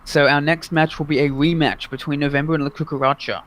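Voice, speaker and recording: A man giving energetic play-by-play commentary on a live esports match as a caster. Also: a little high, fast. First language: English. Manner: energetic play-by-play, excited at big moments.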